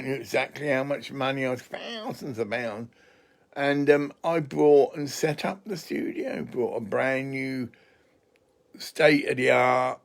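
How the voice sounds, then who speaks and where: A man's voice: mid-range voice, gravelly. An English man talking in a casual, rambling monologue, chatty and digressive, swearing freely.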